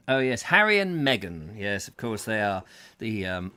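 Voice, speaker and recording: A man's voice: medium pitch, lively intonation, moderate pace, sharp tone. A man hosting a casual show, rambling and reading out comments, often breaking into silly songs and voices. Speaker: host.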